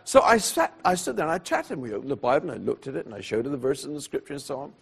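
A man preaching, telling a personal story in an animated way and voicing the people in it, then going hushed at solemn moments. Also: medium pitch, racing, vocal fry, breathy edge. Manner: animated storyteller who voices the people in his tale; drops to a hushed, quiet delivery at solemn moments. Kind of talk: storytelling sermon.

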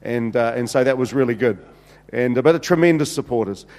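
A man's voice: medium pitch, fairly quick, a little mellow. Nz pastor guy, middle-aged, funny rambling sermon story, lots of uh and um, big echoey church. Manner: humorous, anecdotal, many fillers. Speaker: senior pastor. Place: church hall. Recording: long hall reverb.

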